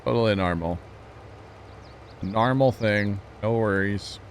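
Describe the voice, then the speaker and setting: A laid-back man chats through a live gameplay stream, talking easily to his viewers and fellow players. His voice sits fairly low. A faint hiss runs underneath. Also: unhurried. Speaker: livestreamer.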